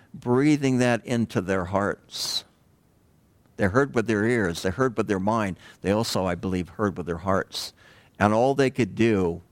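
Preaching a sermon, a man who serves as pastor keeps things easygoing and conversational, regularly breaking off to ask his audience rhetorical questions. His pitch swings up and down, making him sound lively, and the audio is close and dry with barely any reverberation.

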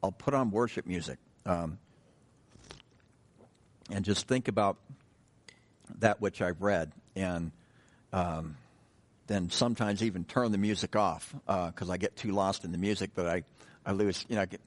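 Man, middle-aged, pastor, low voice, chatty sermon, restarts and asides. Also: a little slow, pauses often. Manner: conversational, self-correcting, joking asides. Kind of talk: sermon with reading and prayer.

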